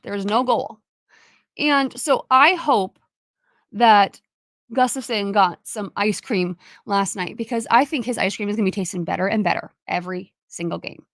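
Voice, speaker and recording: A woman host recapping a hockey game in a chatty, animated way, full of fillers and asides. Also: a little high, dry recording, studio quality. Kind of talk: casual solo game recap.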